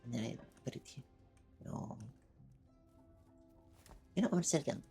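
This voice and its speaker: Low, gravelly-voiced shy woman streamer. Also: expressive, moderate pace, faint music behind. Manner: soft-spoken, shy, stammering. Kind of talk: casual live-stream chat with viewers.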